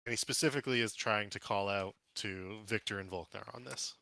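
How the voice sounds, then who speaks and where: A man narrating a tabletop game as game master, casual and relaxed, with plenty of fillers. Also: lowish voice, fairly quick, gravelly, no room sound.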